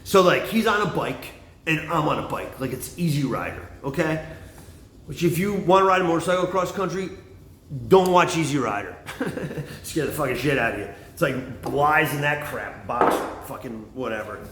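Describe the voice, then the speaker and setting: A man's voice: on the high side, animated, normal speed, fairly bright tone. Rambling, profane middle-aged man. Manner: profane, meandering, digressive storyteller. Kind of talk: rambling casual monologue. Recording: echoey room.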